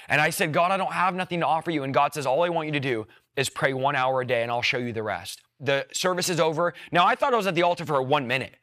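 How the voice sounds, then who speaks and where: Man, evangelist, earnest emotional testimony; bright, tense delivery. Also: on the high side, quick pace. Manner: earnest, repetitive, emotional storytelling. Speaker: evangelist sharing his testimony.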